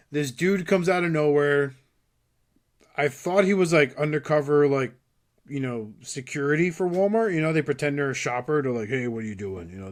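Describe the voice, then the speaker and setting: A man who is a podcast guest, chatting casually and telling stories in an animated way with quick switches into other voices. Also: medium pitch. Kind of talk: casual chat.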